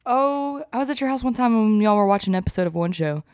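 A woman co-hosting a podcast, chiming in with quick reactions and questions in a casual chat. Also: medium pitch, expressive, a little mellow, clear, resonant tone, no room sound, studio quality. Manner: encouraging listener, quick reactive interjections. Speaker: podcast co-host.

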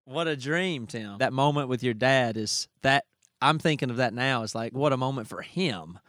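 Male host, lively pitch, dry sound, enthusiastic, casual. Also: normal speed, no room sound. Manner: enthusiastic, reflective reactions. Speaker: podcast host. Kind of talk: casual interview.

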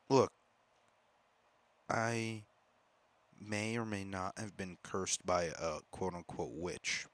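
A man hosting a solo podcast as a comedian, talking in a profane, rambling, animated monologue. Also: low-pitched, dry recording. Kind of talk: casual monologue.

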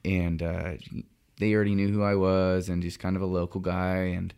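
A man's voice: deep voice, flat delivery, moderate pace, a little mellow, smooth. Laid-back young guy fishing guide. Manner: laid-back, lots of fillers and restarts. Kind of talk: casual podcast chat.

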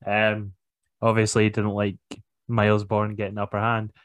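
A man co-hosting a podcast, recapping matches in a casual, unhurried way with lots of fillers. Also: lowish voice, monotone, fairly bright tone. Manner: unhurried, hesitant with many fillers. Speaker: podcast co-host. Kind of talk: casual chat recapping wrestling.

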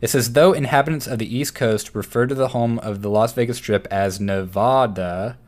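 A man's voice: mid-range voice, a little fast. A young man co-hosting a casual podcast, teasing his friend, reading from a list and laughing often. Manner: reads aloud from a list. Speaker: podcast co-host. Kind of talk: casual chat.

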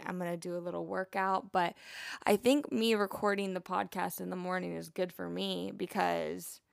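A woman's voice: lowish voice, vocal fry, dry recording, studio quality. A young woman hosting a podcast, a nurse chatting casually with a rambling, playful manner and lots of asides. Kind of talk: casual chat.

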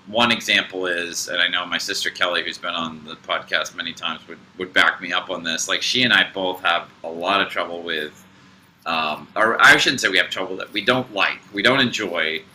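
A man with a low voice and a bright, forceful edge, chatting on a podcast about spiritual ideas. He rambles and restarts his sentences often, with a faint hum of room ambience behind him. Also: normal speed, poor audio. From United States. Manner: rambling, hesitant, many fillers and restarts. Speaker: podcast co-host. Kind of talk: casual spiritual podcast chat.

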